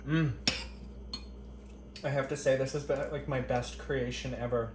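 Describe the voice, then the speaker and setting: In an echoey home kitchen, a man with a medium-pitched, steady, slightly slow and mellow voice records a casual cooking vlog over a faint hiss or hum. He cracks crude, profane jokes to the camera and murmurs happily as he tastes his food between lines.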